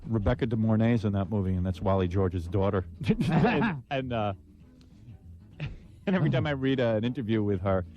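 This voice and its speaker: A man's voice: lowish voice, animated, brisk, soft background music. A man hosting a radio show, teasing his guest and laughing through a live ad read. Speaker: radio host. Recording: dull lo-fi radio recording.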